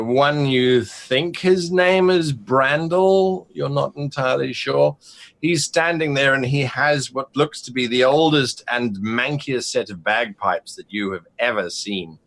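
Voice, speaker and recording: A man's voice: mid-range voice, unhurried, fairly bright tone. A man running a tabletop game as game master, narrating in a rambling way with many fillers.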